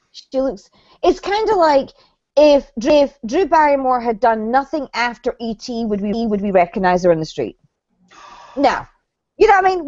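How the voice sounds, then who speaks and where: A woman in her forties co-hosting a recap show, telling stories in a brash, profane, animated way. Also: sits high, no room sound. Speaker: co-host of a reality TV recap show. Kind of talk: casual chat. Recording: dull, lo-fi sound.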